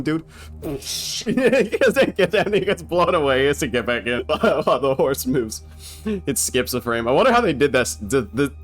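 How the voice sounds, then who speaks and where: Brief: young male commentator, mid pitch, excitable and profane, chatty film reaction. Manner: excited, slangy, swears a lot, laughs often.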